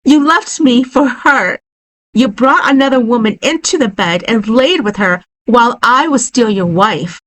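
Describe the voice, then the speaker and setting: A woman's voice: a little high, lively intonation, unhurried, pitched above the performer's own voice. Woman voicing a tearful betrayed wife. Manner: tearful and insistent.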